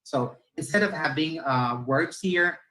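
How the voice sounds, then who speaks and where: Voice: mid-range voice, unhurried, bright, forceful tone, poor audio. A teacher with a Filipino accent giving a lecture-style talk on literacy, explaining points and checking in with listeners. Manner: demonstrates intonation by reading lines aloud.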